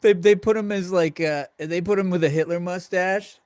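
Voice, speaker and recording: A man's voice: sits high, steady tone, normal speed, darkish tone, no echo, studio quality. A man hosting a comedy podcast, ranting in a crude, sardonic, rambling way. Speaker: podcast host. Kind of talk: comedic rant.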